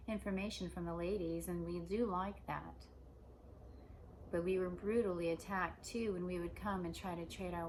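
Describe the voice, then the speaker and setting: A woman giving a rambling spiritual monologue, meandering and repetitive, slowing down to stress her points. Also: on the low side, gravelly, slight background noise, rough recording. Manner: meandering and repetitive, with slow emphatic stretches. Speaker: spiritual speaker.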